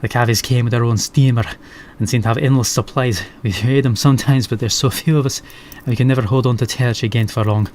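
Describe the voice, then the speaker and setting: A man's voice: mid-range voice, steady tone, fast, hardly any pauses, a little mellow, slight background noise, lightly acted. A man voicing a tough female rat drill sergeant with a Scottish accent, speaking bluntly. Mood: gruff.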